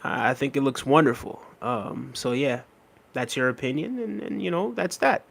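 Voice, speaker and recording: A man hosting a live stream, reading viewer comments aloud and answering in a relaxed, chatty way with lots of "um" and "you know what I mean". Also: mid-range voice, normal speed, creaky. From Jamaica.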